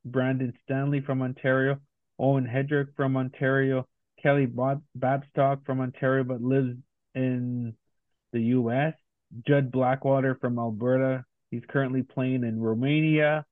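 A man's voice: medium pitch, little pitch movement, unhurried, no echo. A man co-hosting a casual podcast, reading through a long list of guest names. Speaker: podcast co-host. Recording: tinny phone-like sound.

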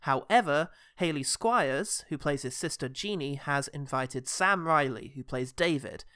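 Man, podcast co-host, slightly high, bright, chatty, acts out quotes. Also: measured pace, clean tone, no room sound, studio quality. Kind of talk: casual film chat.

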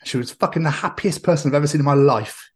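Sweary, laughing English podcast host. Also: male voice, a little high, fast talker. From England. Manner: sweary, laughing, animated storytelling. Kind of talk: crude comedic banter.

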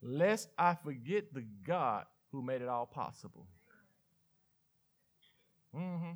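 A pastor with a Southern US accent preaching a sermon, teasing his congregation with playful mock dialogue and quick asides. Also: high-pitched, sing-song.

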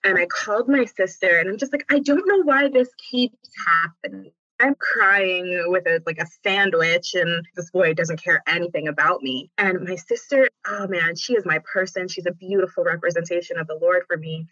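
A woman guest with a bright, forceful voice tells her story with dramatic flair. The sound is dry and close, but a little dull and lo-fi. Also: lowish voice, moderate pace, few pauses, no room sound. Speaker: podcast guest. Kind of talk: casual faith conversation.

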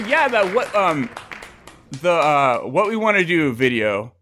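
A man in his thirties hosting a casual podcast, excitable and jokey, swearing casually as he chats with guests. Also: a little high, a little slow, a loud crowd, very noisy. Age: 30s. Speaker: podcast host.

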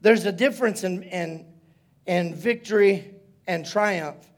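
A man preaching as pastor in a church service, telling stories with playful asides and building to loud shouts. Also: sits high, slow pace. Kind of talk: sermon.

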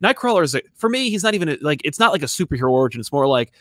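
A man's voice: fairly high pitch, sing-song, rapid-fire, fairly bright tone, dry recording, studio quality. A man co-hosting a podcast, chatting casually and rambling, and reading out listener comments. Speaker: podcast co-host. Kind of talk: casual chat.

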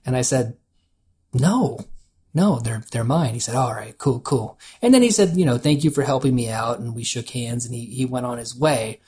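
A man's voice: medium pitch, expressive, moderate pace, a little mellow, breathy edge. A man co-hosting a podcast, casually telling a story, laughing often and quoting people in a loose voice. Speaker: podcast co-host.

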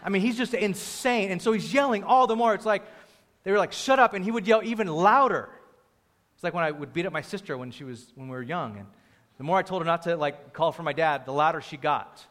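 A young man preaching a sermon in an animated way, acting out the crowd's voices and raising his voice for emphasis. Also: high voice, fairly quick. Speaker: pastor.

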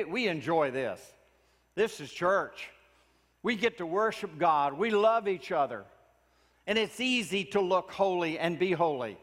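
A man preaching a sermon in a church, earnest and pleading, often dropping his voice to a hush for emphasis. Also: on the high side, big-room sound. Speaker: pastor.

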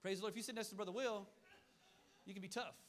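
A man preaching a sermon with a high voice that rattles along at a fast clip. He hammers his points home through repetition and throws quick asides out to the congregation. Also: fairly even intonation. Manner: fiery, repetitive preaching with call-and-response asides. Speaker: pastor.

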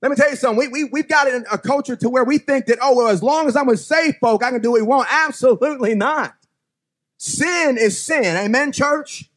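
Pastor in the pulpit, higher male voice, folksy sermon that swings between soft reading and loud exhortation. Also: rapid-fire, hardly any pauses. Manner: folksy, talks straight to the congregation. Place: church sanctuary.

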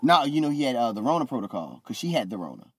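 A man co-hosting a casual wrestling podcast, telling stories in an animated way and acting out what people said. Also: mid-range voice, fast talker, slightly rough, no room sound. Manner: animated storyteller, acts out quotes. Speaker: podcast co-host.

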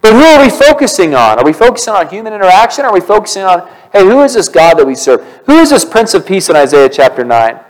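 A male pastor preaching a sermon in church, animated and conversational, asking the congregation questions. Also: high voice, quick pace, hardly any pauses, rough recording.

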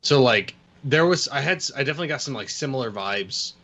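Man, rambling co-host with crude jokes, sharp bright voice, faint background noise. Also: medium pitch, lively intonation, a little fast. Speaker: podcast co-host. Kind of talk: casual movie discussion.

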